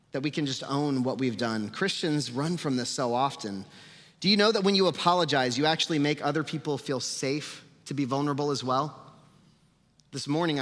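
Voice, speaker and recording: A man preaches from the pulpit, animated and playful, putting on voices for the people he quotes. His voice sits in a mid range and rings with the long reverb of a church sanctuary. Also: medium pitch. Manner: animated, sarcastic asides, acts out quotes. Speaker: pastor. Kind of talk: sermon.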